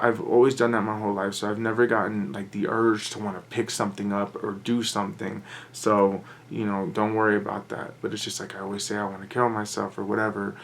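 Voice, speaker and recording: A man talking in a halting, anxious way in a confessional vlog, often restarting his sentences. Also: on the low side, gravelly, a bit bright, a little hiss or hum. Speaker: vlogger.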